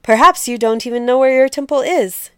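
A woman voicing a proud, brave young queen who gives sharp orders in a raised voice, in a storybook reading. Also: high voice, fairly quick, clean tone, no echo, studio quality, voice pushed up. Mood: commanding.

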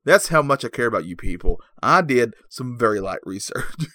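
A man giving a mock-serious comedic movie review in a deadpan, rambling, mock-earnest way. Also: medium pitch, normal speed, dry recording, clean studio sound.

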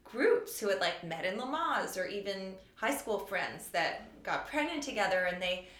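Interview guest, woman in her forties, quick-witted storyteller, room echo on the track. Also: mid-range voice, sing-song, fairly bright tone. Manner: chatty, quick storytelling with wry humor. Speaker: author and show creator guest. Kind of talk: casual interview chat. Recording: echoey room.

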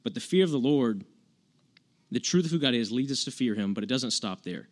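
A man's voice: mid-range voice, lively intonation, brisk. A man preaching an informal sermon, earnestly retelling scripture in plain, everyday words with frequent restarts.

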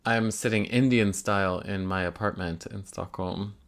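A man co-hosting a casual podcast from his apartment, animated and laughing often. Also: low-pitched, normal speed. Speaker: podcast co-host.

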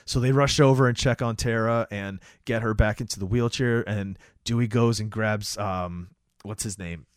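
A man co-hosting a casual talk show, retelling a film scene by scene with lots of fillers and quick acted-out lines. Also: on the low side, smooth, no echo. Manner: animated retelling, acts out lines, many fillers. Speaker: podcast co-host recapping a movie. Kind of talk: casual chat.

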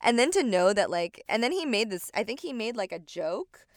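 A woman in casual conversation, chatty and animated, laughing often and leaning on fillers. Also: a little high, normal speed, no room sound, studio quality. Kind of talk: casual chat reviewing a show.

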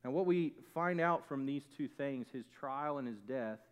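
A man preaching a sermon, building to loud emphatic peaks and then dropping low and quiet. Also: moderate pace, clean tone. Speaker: pastor.

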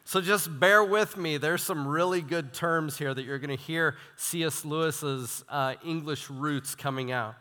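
Young male student minister preaching, bright forceful tone, ringing church hall. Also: on the high side, measured pace, hardly any pauses, smooth. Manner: animated, self-deprecating, reads quotes with emphasis. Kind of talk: sermon. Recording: long hall reverb.

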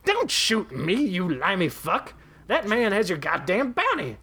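A man's voice: medium pitch, expressive, moderate pace, pushed and bright. A man voicing a furious, foul-mouthed frontier sheriff who screams and curses. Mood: screaming rage. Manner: screaming, swearing, explosive.

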